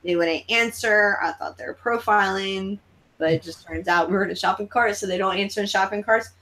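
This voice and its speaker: A young woman hosting a live stream, telling stories in an excitable, swearing, animated way. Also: medium pitch, fairly quick, a little hiss or hum. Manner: excitable, swearing, animated storytelling with acted-out quotes. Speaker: host. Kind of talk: casual live-stream chat.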